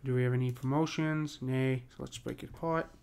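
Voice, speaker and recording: Flat-toned man teaching casually. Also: mid-range voice, brisk, vocal fry, a little hiss or hum. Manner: rambling, repeats "right?" often, many restarts. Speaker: poetry teacher. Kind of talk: casual explanatory lesson.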